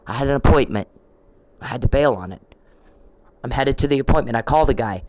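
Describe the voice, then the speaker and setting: A woman's voice: extremely low pitch, animated, fairly quick, long pauses, noisy background. A middle-aged woman in a ranting vlog monologue, confrontational and repetitive, scolding someone directly. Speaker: vlogger.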